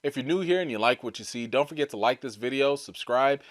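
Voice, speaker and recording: A young man, chatting casually as host of a review show, his energy swinging between excitement and tired mumbling. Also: medium pitch, fast talker, no echo, clean studio sound.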